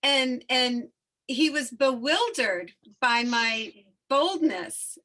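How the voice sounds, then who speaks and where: Speaking very slowly in a high, bright voice, a woman hosts a relaxed spiritual chat. She shares a personal story animatedly, openly expressing her feelings and letting the emotion show.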